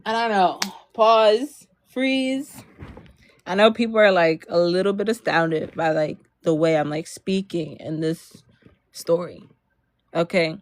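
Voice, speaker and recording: A young woman from Maryland telling a story straight to the camera. She rambles, piling on fillers and breaking into laughs as she goes. Her voice sits a little low for a woman. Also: steady tone, normal speed. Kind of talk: storytime vlog.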